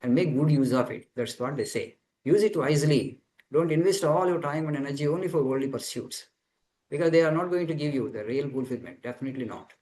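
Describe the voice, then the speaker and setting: A man's voice: fairly high pitch, brisk, darkish tone, low-quality recording. A man, a monk, giving a spiritual teaching talk to students over a video call, explaining earnestly and repeating phrases as he searches for words. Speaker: monk answering students' questions.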